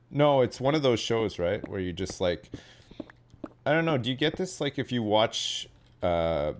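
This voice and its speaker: A man's voice: deep voice, slight background noise. A man in his thirties, hosting a game stream in casual chat, rambling with lots of hedges and tag questions. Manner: rambling, hedging, many fillers and tag questions. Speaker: streamer host. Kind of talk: casual chat while gaming.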